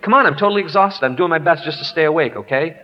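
A man's voice: a little high, quick pace, natural voice. A man voicing his tired, sulky teenage son, who whines and gets defensive. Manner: whiny, defensive. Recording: dull lo-fi hall recording.

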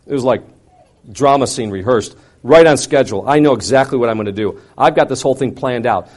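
A middle-aged man telling a personal testimony to an audience, swinging from loud, intense outbursts to quiet, hushed reflection. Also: mid-range voice, fairly quick. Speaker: speaker sharing a personal testimony. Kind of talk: dramatic personal storytelling to an audience.

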